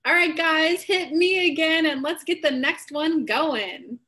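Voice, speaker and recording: A woman's voice: high-pitched, measured pace, pushed and bright. A woman hosting a live stream, chatting casually and candidly, telling stories with bubbly energy. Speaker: host of a live reading stream.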